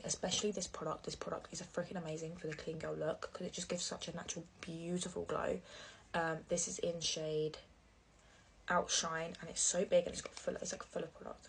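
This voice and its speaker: A woman's voice: fairly low pitch, creaky, slight background noise. A young woman, chatting through a casual makeup tutorial as a vlogger, gushing and repeating words for emphasis, with plenty of "like".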